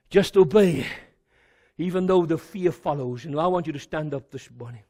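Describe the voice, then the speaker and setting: A South African man preaches to his congregation with fervour, his voice set very high and roughened by gravel. He hammers on repeated words and swings from near-whispers to shouts. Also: a little slow. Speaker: pastor. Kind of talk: sermon. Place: church before a congregation.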